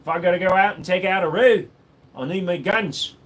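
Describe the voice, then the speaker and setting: A man's voice: high-pitched, fairly quick, fairly bright tone. A man putting on a mock Australian accent as a joking gun-loving bloke.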